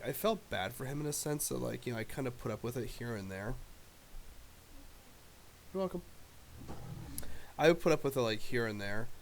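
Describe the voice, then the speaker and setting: A man's voice: medium pitch, gravelly, a little hiss or hum. A man telling a rambling, profane story in casual chat as a live streamer.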